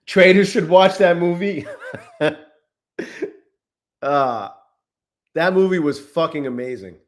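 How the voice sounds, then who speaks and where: A man's voice: high voice, normal speed. Profane, restless man streaming trades. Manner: profane, restless, talks to chat. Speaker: trading livestream host. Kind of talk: casual live-stream chat.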